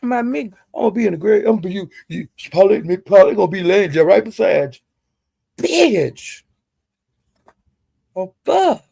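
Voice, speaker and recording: A woman hosting a live stream rants angrily at someone, cursing heatedly and stretching out her insults while chatting with viewers. Her mid-range voice is sing-song, gravelly, warm, and husky. The recording is dry and studio quality.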